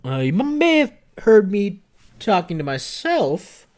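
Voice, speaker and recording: A man's voice: high-pitched, huge pitch swings, measured pace, a little mellow, pitched above the performer's own voice, full character voice. A man voicing an evasive male wizard who hides a secret in his tower, speaking hesitantly and guardedly.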